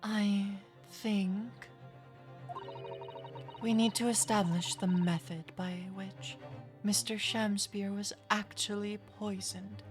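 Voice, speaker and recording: Earnest young female legal assistant in a game, read by a woman; unhurried, grave delivery. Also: medium pitch, fairly even intonation, over music, lightly acted. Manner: measured, serious reading.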